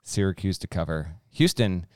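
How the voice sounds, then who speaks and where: Brief: man, low smooth voice, podcast co-host, teasing betting analysis. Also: lively intonation, moderate pace, a little mellow, no room sound, clean studio sound. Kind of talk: casual sports chat.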